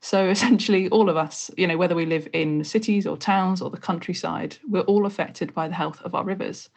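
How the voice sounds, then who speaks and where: A woman's voice: fairly low pitch, brisk, vocal fry, a little mellow. A woman giving an upbeat, informative recorded message for a river charity campaign.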